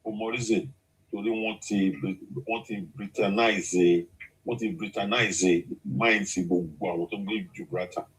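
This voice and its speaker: Sex: man. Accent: Yoruba. Role: talk show guest. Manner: explanatory, lecturing. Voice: lowish. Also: fairly even intonation, moderate pace.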